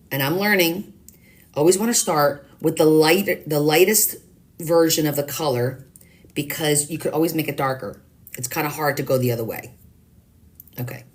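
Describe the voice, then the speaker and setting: A woman hosting a live watercolor stream, chatting casually and teasing herself as she thinks aloud while painting. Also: low-pitched. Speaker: live-stream craft host.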